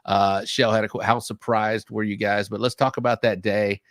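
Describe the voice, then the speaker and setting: Male podcast host, lowish voice, enthusiastic and emphatic, dry close recording. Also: little pitch movement, normal speed, no echo. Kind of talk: casual podcast chat.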